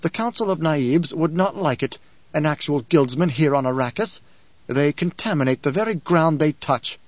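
A man's voice: animated, moderate pace, dry recording, close to an everyday voice. A man voicing a fanatical male advisor who talks in an insistent, pleading manner. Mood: warning. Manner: pleading, insistent, higher-pitched. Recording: dull lo-fi audiobook recording.

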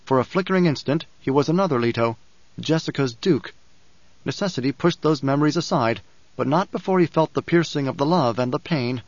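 A man narrating an audiobook in a measured, even storytelling manner. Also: medium pitch, no room sound. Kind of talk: scripted narration. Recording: dry, slightly dull studio recording.

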